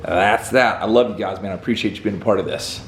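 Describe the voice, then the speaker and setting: A man's voice: lowish voice, fast, background noise. Folksy Southern man cooking. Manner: emphatic, folksy, talks straight to viewers. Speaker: fishing channel host cooking for a guest. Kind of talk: casual on-camera chat while cooking. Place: home kitchen, indoors. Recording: echoey kitchen. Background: food sizzling in a pan.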